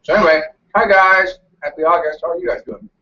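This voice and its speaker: A man's voice: sits high, fairly even intonation, fast talker, pushed and bright, far from the mic, lo-fi sound. A man co-hosting a casual live-stream chat at home, joking and laughing often. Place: home room with a fan running.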